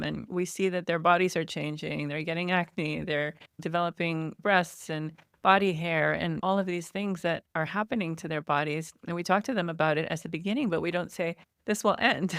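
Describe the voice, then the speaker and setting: Low-voiced woman with a gravelly edge. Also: fairly bright tone, no echo, studio quality. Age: 40s. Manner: chatty, laughs lightly while explaining. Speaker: podcast guest, online store founder. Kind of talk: casual interview chat.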